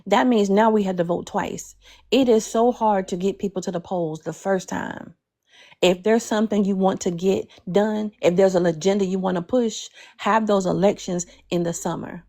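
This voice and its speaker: A woman speaking to a group on a call, measured and persuasive, with some hesitations. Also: mid-range voice, steady tone, dark tone. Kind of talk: speech to a group.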